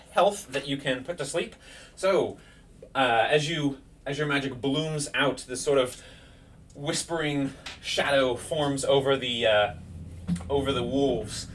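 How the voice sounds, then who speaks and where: A man's voice: mid-range voice, distant mic, a little hiss or hum. Man narrating a tabletop game. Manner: vivid play-by-play of rolls and attacks. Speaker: game master.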